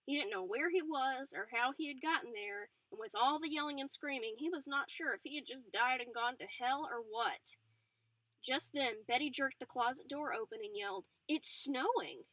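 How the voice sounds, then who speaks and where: A woman reads a novel aloud in an expressive storybook manner, now and then restarting a phrase. Her voice is fairly high and bright. The sound is dry and close. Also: moderate pace, no echo, low-quality recording. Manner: expressive, with small slips and restarts. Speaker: audiobook reader. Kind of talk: storybook narration.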